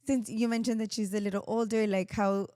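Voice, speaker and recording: A middle-aged woman co-hosting a podcast, chatting casually and expressively, with quick bursts of laughter. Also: medium pitch, fairly even intonation, warm tone, dry recording, clean studio sound. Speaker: podcast co-host and mother. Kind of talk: casual chat.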